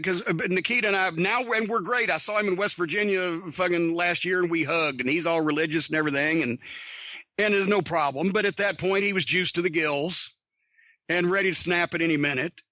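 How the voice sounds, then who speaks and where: A man's voice: high-pitched, pushed and bright, no room sound. A middle-aged man hosting a podcast, telling blunt, profane locker-room stories in a casual, wry way. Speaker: podcast host. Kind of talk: casual storytelling monologue.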